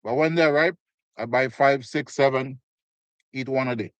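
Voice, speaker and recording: This medium-pitched male voice, at normal speed with no echo, belongs to a Canadian livestream host. He chats casually while eating, reading out comments and thanking viewers by name.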